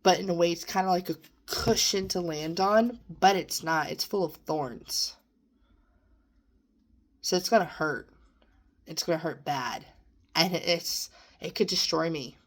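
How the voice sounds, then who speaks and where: A woman's voice: fairly low pitch, measured pace, pauses often. A young woman talking earnestly in a personal vlog, sometimes close to tears as she encourages herself and her listeners. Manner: earnest, emotional, self-encouraging. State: near tears at times. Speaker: vlogger. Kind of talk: personal reflective monologue.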